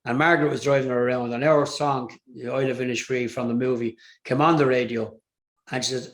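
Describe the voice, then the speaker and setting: An older Irish man who is a singer speaks in a medium-pitched, steady voice at a fairly quick pace. In a casual storytelling interview, he tells rambling stories full of fillers and restarts.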